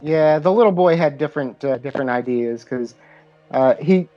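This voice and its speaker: A man's voice: fairly high pitch, normal speed, soft background music. A man with a somewhat raised voice retells a movie plot on a casual podcast, stumbling over fillers and swearing as he goes. The recording sounds a bit muffled. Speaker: podcast co-host. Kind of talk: casual movie recap chat.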